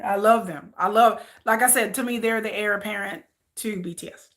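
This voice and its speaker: A woman's voice: mid-range voice, normal speed, fairly bright tone. A woman vlogger chatting casually on a livestream, rambling and repeating herself as she answers viewer comments.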